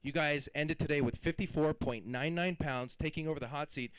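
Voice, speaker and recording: A man runs a live fishing weigh-in as emcee, his fairly high voice upbeat as he calls out weights and builds suspense for the crowd. The sound is close and dry. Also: a little fast, clean tone, no room sound, poor audio. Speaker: tournament emcee.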